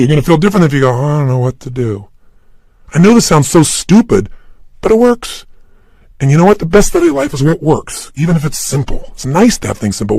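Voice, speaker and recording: A middle-aged man delivering a motivational talk, husky and slightly raised in pitch, his intonation swinging widely as he presses each point home. He speaks emphatically and directly to the listener, standing at a studio microphone, and the sound is close and dry with no room echo. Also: a little mellow. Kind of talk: motivational talk for an audio program. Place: recording room, unscripted and standing.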